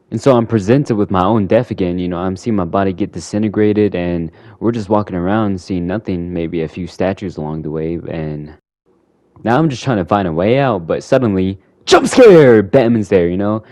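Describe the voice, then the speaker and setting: A deep-voiced man casually recapping a game, rambling along with a lot of "you know". The sound is dry and close, with no room echo. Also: mellow. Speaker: gaming channel host.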